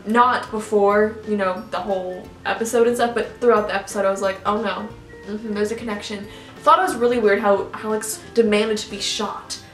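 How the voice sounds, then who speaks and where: Far from the mic, a young woman YouTuber with a medium-pitched voice rambles through a casual reaction rant. She leans heavily on fillers, restarts, and "like," and the echoey room carries faint music.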